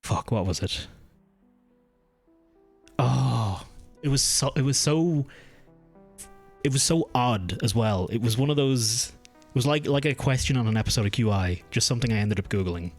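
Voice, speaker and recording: A man's voice: medium pitch, normal speed, pauses often, soft background music. A young man streaming from home, chatting casually with his viewers, rambling and restarting his sentences as he goes off on tangents. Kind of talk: casual live-stream chat. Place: home room.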